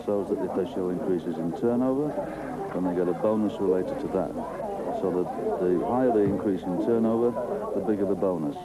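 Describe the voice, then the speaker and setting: A man in an interview, explaining in a halting, understated way with chuckles. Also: sits low, a loud crowd, poor audio. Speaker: company manager interviewed. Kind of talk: interview answers. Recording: loud background noise.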